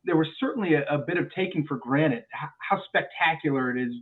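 Guy pilot chatting on a podcast, animated, keeps repeating words, sounds like a tinny phone line. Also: on the high side, fast talker. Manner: animated storyteller with frequent restarts and repeated words. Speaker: airline pilot guest. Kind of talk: podcast interview chat.

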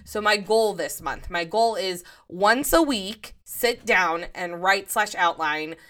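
A woman hosts her own podcast and talks casually to the listener. She is chatty and restarts her sentences. She laughs often, and her voice sits at a middle pitch. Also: slow, fairly bright tone. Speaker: podcast host. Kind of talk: casual solo podcast talk.

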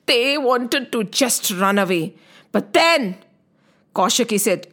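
A woman telling a dramatic myth to children, expressive and emphatic. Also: a little high, takes it slowly. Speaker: storyteller.

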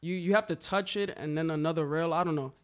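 Animated slangy New man telling stories. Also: a little high, fast. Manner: animated, swearing, slangy, acts out quotes. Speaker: graffiti writer telling stories. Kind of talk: casual storytelling.

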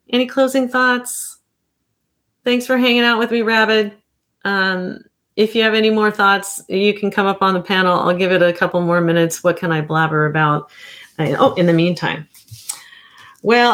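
A woman's voice: medium pitch, a bit bright. Rambling woman therapist in her fifties. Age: 50s. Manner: rambling, self-correcting, chuckling. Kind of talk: casual livestream chat.

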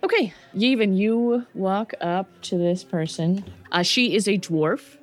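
A woman's voice: medium pitch, a little slow. A woman acting as game master, narrating a tabletop game in a laid-back way with frequent chuckles.

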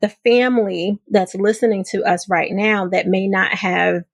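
Woman podcast host, husky voice, dry close sound, effusive and animated. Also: mid-range voice, measured pace, no room sound. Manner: effusive, animated, makes up words. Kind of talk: casual interview chat.

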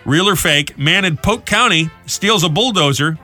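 A man's voice: high voice, expressive, normal speed, pushed and bright, soft background music. A man hosting a morning show, reading headlines and joking in playful banter. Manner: jokey, slips into silly put-on voices.

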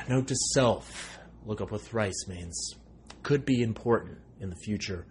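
A man in his thirties in a rambling comic monologue, excitable and sarcastic, with a tone he calls aggressive. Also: unhurried, slight background noise. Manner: excitable, sarcastic, jumping pitch swings; self-described aggressive tone.

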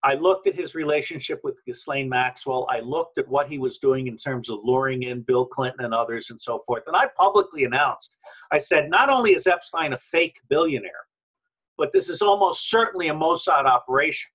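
A man's voice: mid-range voice, lively intonation, brisk, fairly bright tone, breathy edge, rough recording. A man speaking as a guest in a remote interview, emphatic and combative, rambling from point to point over a video call that breaks up into robotic audio.

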